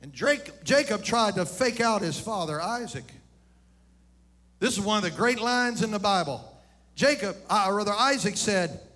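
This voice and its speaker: A man preaching a lively sermon, calling out to the congregation and shouting at his peaks. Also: high-pitched. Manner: animated, addresses congregation directly, shouts at peaks. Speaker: pastor.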